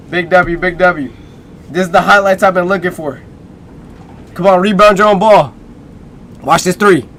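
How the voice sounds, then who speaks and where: A man's voice: high voice, a bit bright. A man streaming casual reaction commentary, hyped and slangy, talking back at the screen.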